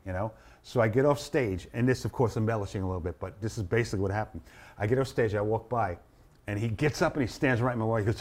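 A man in his sixties, a comedian guest telling stories in an animated way and acting out his bits. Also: lowish voice, fast talker. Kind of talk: casual storytelling.

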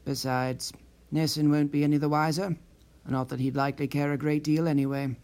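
A male audiobook narrator with a fairly high voice, reading a story at a measured pace. His delivery is steady and scripted.

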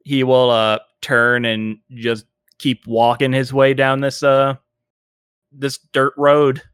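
Game master guy narrating, lots of uh and um, smooth voice, dry close mic. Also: mid-range voice, monotone, slow pace, fairly bright tone, no room sound. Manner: hesitant, many fillers.

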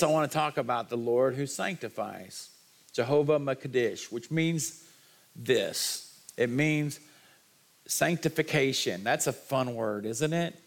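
A man preaching a sermon as pastor, folksy and animated, his voice rising in excited bursts. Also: a little high, gravelly.

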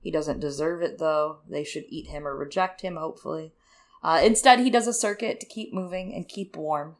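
A woman's voice: low voice, normal speed. Wry woman summarizing chapters. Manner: wry, sarcastic asides. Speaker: podcast co-host. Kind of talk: casual book-club chat and summary.

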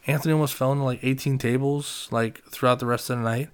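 Animated swearing man telling a story. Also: mid-range voice, fast, hardly any pauses. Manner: animated, profane, acts out friends' lines. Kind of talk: casual storytelling.

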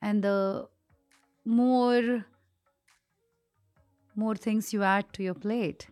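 A woman co-hosting a podcast, speaking in a calm, measured, reflective way. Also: medium pitch, dry recording, studio quality, soft background music. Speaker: podcast co-host. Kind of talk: casual chat.

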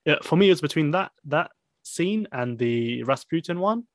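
A man's voice: fairly high pitch, animated, moderate pace, no echo, studio quality. A man casually discussing a film with a friend, rambling with many fillers and restarts.

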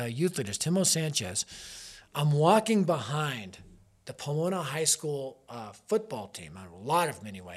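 A man's voice: a little high, husky. A man in his fifties, a youth ministry leader giving an earnest, emphatic devotional talk woven with personal stories.

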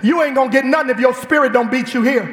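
A man preaching a fiery sermon in a church, with an animated, shouting delivery. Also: very high-pitched, quick pace, noisy background. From Chicago. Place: church sanctuary. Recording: echoey church hall.

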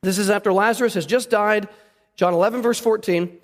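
High-voiced pastor preaching in a reverberant hall. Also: male voice, fairly even intonation, fairly quick. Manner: conversational preaching, asks the congregation questions. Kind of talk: sermon. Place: church sanctuary.

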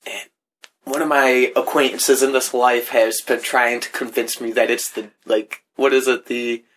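A man's voice: mid-range voice, little pitch movement, unhurried, fairly bright tone. A man co-hosting a podcast in casual chat, rambling with lots of fillers and swearing freely. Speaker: podcast co-host.

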